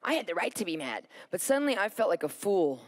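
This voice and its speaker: A woman preaching a sermon in an animated storytelling way, acting out her own thoughts and calling to the audience for responses. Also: on the low side, fast. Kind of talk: sermon with personal testimony.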